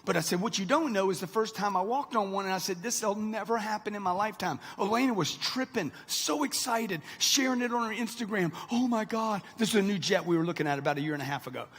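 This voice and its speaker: A man in his sixties fires off a brash, punchy motivational speech to a live crowd in a big event hall, talking fast with hardly any pauses. His high voice has a fairly bright tone, and the hall adds long reverb.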